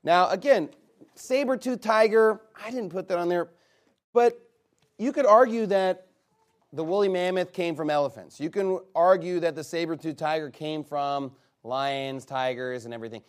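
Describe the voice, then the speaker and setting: Chatty man rattling off a list. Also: high voice. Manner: rattles off a long list with quick chatty asides. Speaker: game leader reading out his list to players. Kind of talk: casual game with a live audience.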